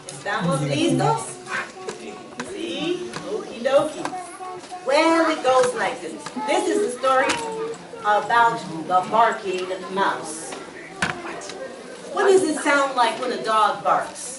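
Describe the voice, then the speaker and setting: Animated woman storyteller, high voice. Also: takes it slowly, crowd noise. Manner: animated, asks the audience to call out answers. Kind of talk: bilingual children's storytelling. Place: library room with an audience. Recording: echoey room recorded from far off. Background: audience of children responding.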